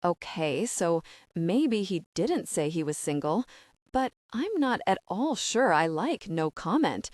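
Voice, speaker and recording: A woman narrating a romantic comedy audiobook in the first person with a steady, measured reading. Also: on the low side, no echo, clean studio sound.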